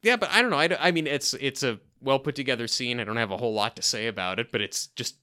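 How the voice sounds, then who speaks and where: A man chatting casually as a podcast co-host, recapping a sitcom with animated acting-out of lines and frequent restarts. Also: fast, smooth. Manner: animated, acts out quoted lines with big pitch jumps; frequent restarts and repeated words.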